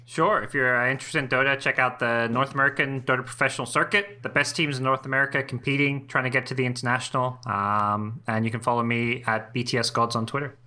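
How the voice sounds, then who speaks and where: A man who is a podcast guest, talking in relaxed casual chat, laughing easily and restarting his sentences. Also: medium pitch, fast talker, hardly any pauses.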